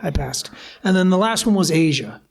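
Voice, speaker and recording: Canadian man telling animated stories. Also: on the high side, moderate pace, creaky. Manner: animated anecdotes, acts out phone calls. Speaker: guest musician. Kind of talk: live storytelling interview. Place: live bar venue with audience.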